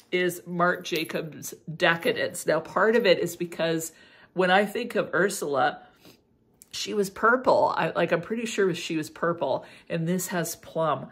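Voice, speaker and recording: A middle-aged woman talks casually and animatedly, peppering her speech with fillers. Her voice sits low, with a husky, gravelly texture. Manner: chatty and animated, full of "like" fillers. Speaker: beauty and fragrance vlogger. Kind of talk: casual chat.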